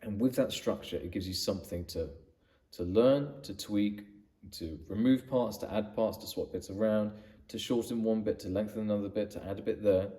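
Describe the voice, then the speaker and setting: A man's voice: lowish voice, moderate pace, warm tone, far from the mic. A man giving conversational business advice straight to the camera, often restarting and repeating words for emphasis. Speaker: business coach. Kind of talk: direct-to-camera advice video.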